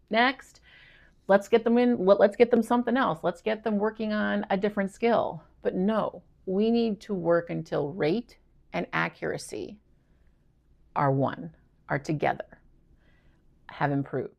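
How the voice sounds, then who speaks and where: Middle-aged female reading tutor, low-ish gravelly voice, chatty explainer who self-corrects. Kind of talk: explanatory video lesson.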